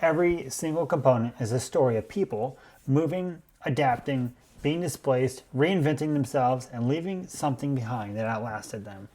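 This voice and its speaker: Male podcast host, measured storyteller, mid-pitched voice. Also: dark tone. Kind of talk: scripted explainer podcast.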